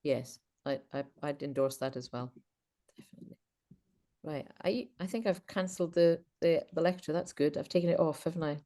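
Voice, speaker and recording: A woman's voice: low-pitched, a little fast, warm tone. A woman, speaking as a guest over a video call, telling chatty stories full of false starts. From Britain, half Welsh half Scottish. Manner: chatty anecdotal storyteller with frequent false starts. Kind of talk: informal Q&A chat.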